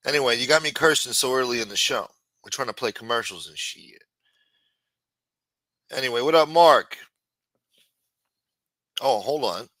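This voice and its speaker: Profane, bright-voiced stream host. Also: male voice, mid-range voice, expressive, moderate pace, pauses often, no echo. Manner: profane, rambling and riffing. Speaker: live-stream show host. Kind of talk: casual chat, reading viewer comments.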